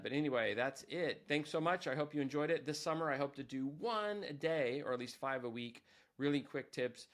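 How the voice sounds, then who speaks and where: A man's voice: mid-range voice, a bit bright. A man, a teacher, giving a casual screen-recorded tutorial, chatty and self-deprecating, thinking aloud as he goes.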